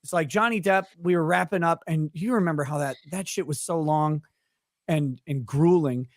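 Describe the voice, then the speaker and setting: A man's voice: fairly high pitch, moderate pace, dry recording, studio quality. A man hosting a casual chat with friends, telling rambling, profane stories about family and childhood. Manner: rambling storyteller, loose and profane. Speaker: host.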